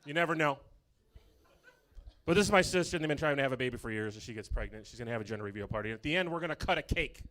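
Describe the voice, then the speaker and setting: A man doing a stand-up comedy set in a club, delivering dark punchlines in a deadpan way. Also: mid-range voice, very fast, hardly any pauses.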